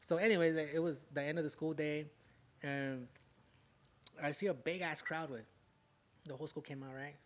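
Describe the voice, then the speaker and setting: On a podcast, a young rapper from Southern California tells a story at normal speed, pausing often, his voice on the high side and his tone steady. The language is casual, profane street slang, marked by the tag words "way" and "fool."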